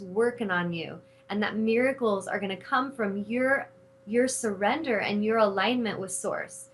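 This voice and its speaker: A middle-aged woman hosts a spiritual talk show, animated and casual, swearing freely as she recounts her anger. Her pitch is fairly high and her pace normal, though the audio quality is poor.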